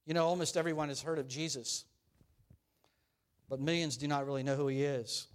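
A man preaching a sermon, animated and storytelling, rising and falling in volume. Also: on the high side, brisk. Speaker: pastor.

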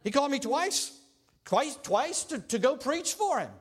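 A man's voice: very high voice, sing-song, a little slow, voice pushed up, exaggerated voice. A man preaching voices a boastful prophet interviewing for a job, eager and self-assured.

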